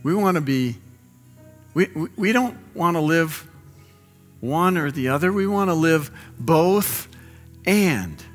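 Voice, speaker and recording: A middle-aged man, a pastor, preaching a sermon with passion that builds to near-shouting peaks, recorded live in a large hall. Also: on the high side, expressive, slow, long pauses. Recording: live sermon in a reverberant hall with music behind.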